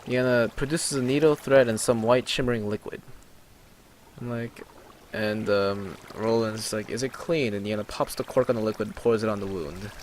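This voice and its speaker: A man's voice: on the low side, fairly even intonation, normal speed, a little hiss or hum. A young man casually narrating an online roleplay session, reading the chat aloud with hesitant fillers. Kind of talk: casual let's play narration.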